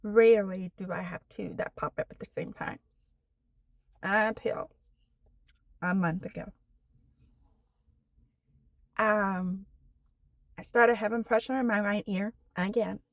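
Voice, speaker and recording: A woman in her forties telling her own story on a personal vlog, slow and halting, with many fillers, earnest and candid. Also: mid-range voice, steady tone, no echo. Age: 40s. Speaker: vlogger.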